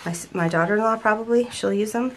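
A woman's voice: medium pitch, quick pace, slight background noise. An older woman chatting casually at home about a planner haul, gushing and often restarting her sentences. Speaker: planner vlogger.

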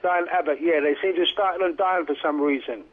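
A man's voice: on the high side, a little fast. A man calling into a talk radio show, talking emphatically and rambling with many restarts. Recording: phone line on radio.

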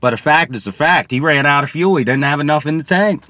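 A man's voice: fairly high pitch, quick pace, bright, forceful tone. Chatty man rambling in a car. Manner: rambling and chatty, many fillers. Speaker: sports podcast host. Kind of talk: casual vlog monologue.

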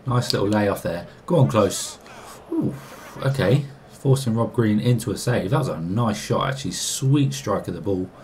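A young man giving excitable, casual commentary while playing a football game, arguing back at the screen and laughing. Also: on the low side, moderate pace, gravelly, a little hiss or hum. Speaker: gaming YouTuber.

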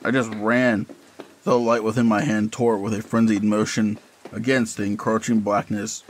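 A man's voice: lowish voice, flat delivery, normal speed, slight background noise, poor audio. A man giving a dramatic, intense narration of a first-person horror story.

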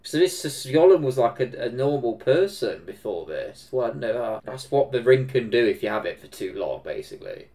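A man with an English Midlands accent reacting to a film, excitable, swearing and laughing often. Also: medium pitch, a little fast, few pauses, soft background music. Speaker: reaction video host. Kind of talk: casual reaction commentary.

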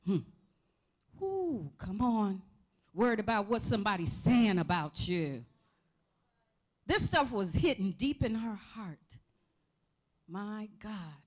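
Lively woman preacher, call and response. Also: mid-range voice. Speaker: pastor. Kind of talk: sermon. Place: church sanctuary.

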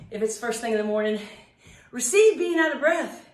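A woman's voice: a little high, animated, fast talker, reverberant, far from the mic. A woman fitness instructor leading a home workout class, counting reps in a playful sing-song way with cheerful asides, out of breath.

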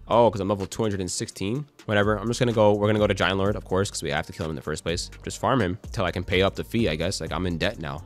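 A young man giving casual, excitable gameplay commentary, swearing and cracking jokes as he plays. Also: deep voice, fast talker, few pauses, faint music behind. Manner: excitable, swearing, jokey, quotes song lines and memes. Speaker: gaming YouTuber.

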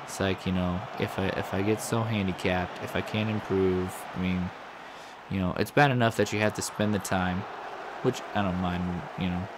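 A man's voice: low voice, fairly even intonation, moderate pace, noisy background. A man commentating his own video game play, swearing and ranting in frustration at the game. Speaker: gaming commentator.

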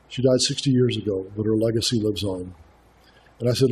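A man's voice: mid-range voice, fast talker, a little mellow, a little hiss or hum. A middle-aged man, a guest speaker, preaching an earnest sermon full of stories and direct questions to the congregation. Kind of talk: sermon with storytelling.

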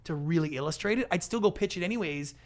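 A man speaking as a guest in a conversational podcast interview, an animated storyteller with a big, energetic personality who acts out what people said. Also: on the high side, quick pace. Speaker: guest, pitch coach and TV producer.

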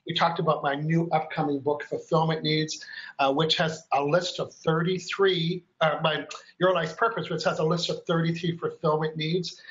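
A man's voice: fairly high pitch, level tone, moderate pace, a bit bright, echoey room, muffled recording. A man hosting a live stream, chatty and upbeat, explaining each step and counting aloud as he demonstrates. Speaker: host.

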